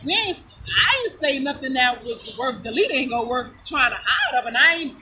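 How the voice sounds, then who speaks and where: Her voice sits high and moves at a moderate pace, set against background noise. A vlogger who tells stories, she relates a personal experience casually and animatedly, with blunt, profane language and plenty of laughter.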